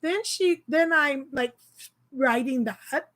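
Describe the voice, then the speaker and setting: A woman with a high, bright voice tells a story in a casual vlog. Her delivery is animated and exasperated, and she often laughs as she goes. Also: slow. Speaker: grocery delivery shopper.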